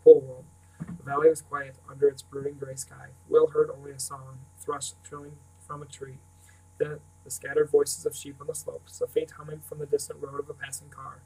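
A man narrating a novel aloud in a steady, even storytelling manner. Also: fairly high pitch, moderate pace, husky, recorded from a distance, rough recording. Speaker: reader. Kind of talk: audiobook narration.

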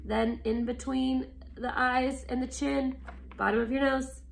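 Gravelly, expressive woman teacher. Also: sits high, a little slow, a little hiss or hum. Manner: expressive, animated storytelling with asides. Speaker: art teacher. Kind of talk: reading a picture book aloud, then teaching.

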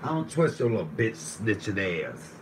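A man hosting a live stream while cooking, ranting with heavy profanity and swinging between low muttering and raised shouting. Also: very animated, normal speed, noisy background. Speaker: livestream host.

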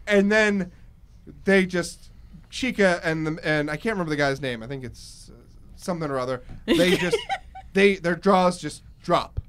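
A man hosting a casual podcast chat, an excitable storyteller who laughs often. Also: on the high side, moderate pace, clean tone. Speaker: host.

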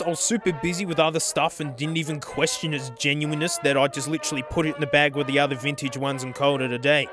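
A young man hosting a drum vlog, talking casually and excitably, going from low mutters to loud outbursts. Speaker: drum channel host.

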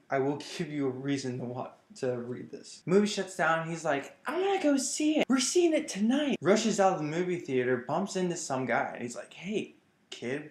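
A man gives a casual vlog review, enthusiastic and rambling. His voice sits a bit high for a man. The room around him is roomy and echoey. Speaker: comic book reviewer.

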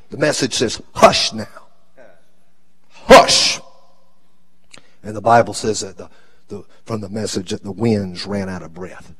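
A man preaching a live sermon as a bishop, with a preacher's cadence that swings from shouting to hushed tones. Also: lowish voice, normal speed, husky.

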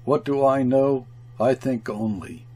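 A man's voice: mid-range voice, a little slow, mellow, husky. A man voicing a terse, cunning station clerk. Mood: calm. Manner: terse, broken phrasing.

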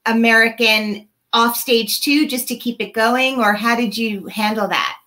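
A woman's voice: fairly high pitch, a little slow, sharp tone. A woman hosting a casual interview, asking eager follow-up questions. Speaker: host.

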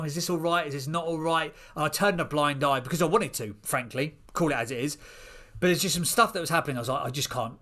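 A man in his thirties, a podcast guest, telling an animated story and acting out the voices of people in it. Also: fairly high pitch.

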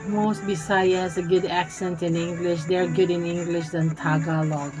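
A woman's voice: on the low side, flat delivery, moderate pace, over music. A young woman with a Visayan Filipino accent chatting casually and giggling with viewers as she streams a game. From Visayas, Philippines. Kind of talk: casual live-stream chat while playing.

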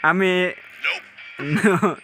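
A man hosting a reaction video, talking casually in halting English, often laughing and exclaiming. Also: sits high, over loud music.

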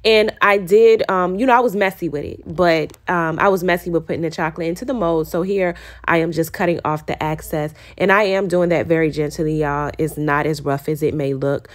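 A woman narrating her baking tutorial in a casual, chatty voice-over, talking straight to her viewers and getting excited. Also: deep voice, fairly quick.

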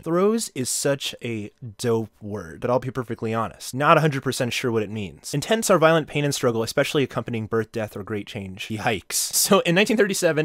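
A man's voice: medium pitch, expressive, a little fast, few pauses, dry recording, clean studio sound. A young man vlogging casually, rambling through jokey asides as he browses the web.

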